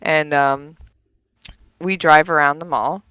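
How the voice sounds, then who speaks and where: A woman, a streamer and mother, chatting casually with friends during a game stream, telling animated stories with frequent laughter and swearing. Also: low voice, takes it slowly, clean tone, no echo, lo-fi sound.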